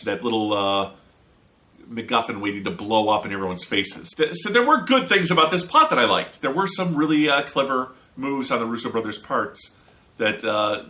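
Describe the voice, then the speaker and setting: A man's voice: mid-range voice, pushed and bright. A man giving a casual, opinionated spoken movie review with an American accent and sarcastic asides.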